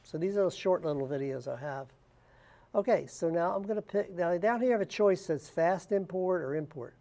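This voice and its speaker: A man walking through software steps one at a time in a plain, unscripted way, with frequent "uh" fillers. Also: high-pitched, brisk. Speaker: software tutorial instructor. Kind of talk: screen-recorded software walkthrough.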